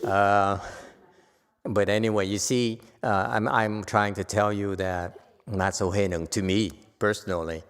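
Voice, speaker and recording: A man gives a Buddhist dharma talk at a very slow pace, with a fairly low voice. He talks with the audience in a teasing, conversational way and keeps asking them questions. The sound carries a long reverb from a temple hall. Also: steady tone, clean tone. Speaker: Buddhist teacher. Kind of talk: dharma lecture.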